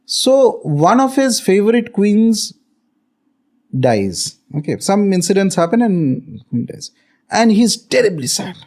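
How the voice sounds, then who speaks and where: A man's voice: high voice, very animated, slow pace, darkish tone. A man with an Indian accent, a spiritual teacher explaining and telling a story in a conversation, often checking in with "okay".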